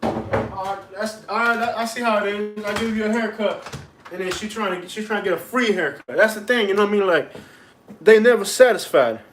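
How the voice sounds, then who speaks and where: A man's voice: high voice, brisk, a bit bright, a little hiss or hum. A man live-streaming from his home on a phone, chatting casually with viewers in a joking, mock-aggrieved, complaining way. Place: at home indoors.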